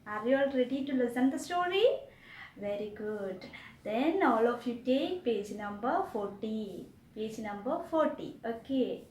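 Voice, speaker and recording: Woman teacher from india, high voice, slow deliberate pace, repeats for kids, echoey room, off mic. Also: expressive, darkish tone, recorded from a distance, slight background noise. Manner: repeats and explains slowly to children. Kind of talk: online class lesson.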